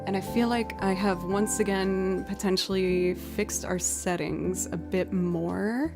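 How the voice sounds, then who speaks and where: A woman's voice: medium pitch, steady tone, slow pace, few pauses, music in the background. An American woman from near Boston, a musician streamer, chatting casually and thinking aloud between songs. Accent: American, light Southern slips. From outside Boston, USA. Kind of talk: casual live-stream chat.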